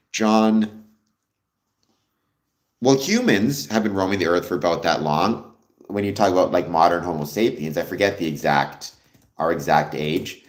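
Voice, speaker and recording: Deep-voiced Canadian man on a livestream. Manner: rambling, friendly, thinks aloud with many ums. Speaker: livestream host. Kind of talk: casual livestream chat answering viewers.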